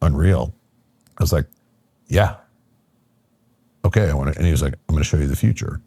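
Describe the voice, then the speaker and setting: Deep gravelly man telling a story. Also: rapid-fire, no room sound. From Michigan, USA. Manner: animated storyteller acting out quotes, lots of fillers. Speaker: podcast guest. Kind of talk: casual storytelling conversation.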